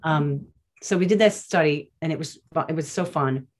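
A woman, a nurse and guest on an interview, telling stories in an animated, chatty way with many restarts. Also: deep voice, normal speed, slight background noise. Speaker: nurse and plant-based diet advocate, guest. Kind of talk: casual interview storytelling.

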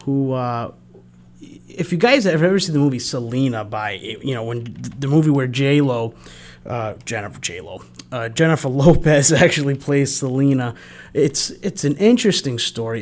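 A man hosting a local radio show, chatting casually between songs with many fillers and restarts. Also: mid-range voice. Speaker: radio host. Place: radio studio.

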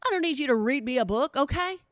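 A middle-aged woman launches into a comedic rant, sassy, exasperated and mocking throughout. Her slightly high voice is expressive and quick. The recording is close and dry, with no room sound at all.

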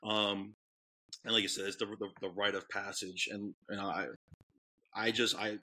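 A man's voice: fairly low pitch, flat delivery, moderate pace, sharp tone, breathy edge. A man in his thirties with a New York accent, a police dog handler telling stories in a rambling, casual way full of fillers. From Orlando, Florida. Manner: rambling, many fillers and restarts. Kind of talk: casual storytelling interview.

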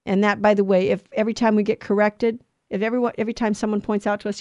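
A woman's voice: medium pitch, fairly even intonation, quick pace, darkish tone, dry recording, dull audio. Earnest middle-aged woman teaching faith. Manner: earnest, emphatic, repeats words for stress. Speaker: Catholic speaker on family life. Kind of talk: religious teaching talk.

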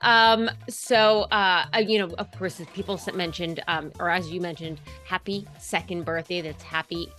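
A woman's voice: on the low side, steady tone, normal speed, hardly any pauses, soft background music. A woman hosting a podcast interview, talking in a chatty, filler-heavy way. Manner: chatty, warm-hearted, many fillers. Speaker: podcast host. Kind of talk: casual interview chat.

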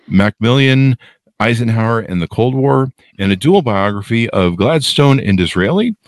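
A man's voice: mid-range voice, no echo, clean studio sound. A middle-aged man hosting a podcast interview, talking in a jokey, rambling way full of self-deprecating asides. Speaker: podcast host.

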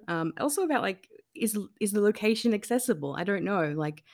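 A woman's voice: medium pitch, lively intonation, fairly quick, darkish tone. A woman guest in an interview, speaking candidly and emotionally with many fillers and restarts.

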